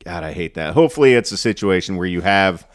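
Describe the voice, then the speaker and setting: A man's voice: deep voice, animated, quick pace, dry recording, studio quality. A man co-hosting a casual fantasy football podcast, laid-back and chatty. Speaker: podcast co-host.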